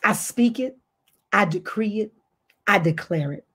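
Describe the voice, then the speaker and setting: A woman's voice: medium pitch, expressive, measured pace, fairly bright tone, slightly rough. A woman pastor preaching a fervent online sermon full of repeated declarations, tearful and near crying at times. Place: online service, speaking to a screen.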